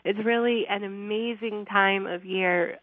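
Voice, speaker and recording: A woman's voice: mid-range voice, steady tone, unhurried, no room sound. A woman farmer from Vermont, cheerfully talking about her farm as a guest on a radio interview, with many "um"s. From Vermont, USA. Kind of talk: radio interview over the phone. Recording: tinny phone line.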